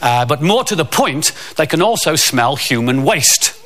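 A man's voice: a little high, very animated, measured pace, heavy background noise. Self-mocking man telling a story. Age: middle-aged. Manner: rambling, self-mocking, with tag asides. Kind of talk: comic storytelling.

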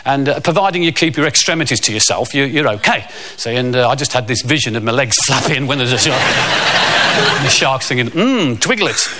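A man's voice: medium pitch, a little fast, heavy background noise. A middle-aged man telling a rambling, self-mocking comic story.

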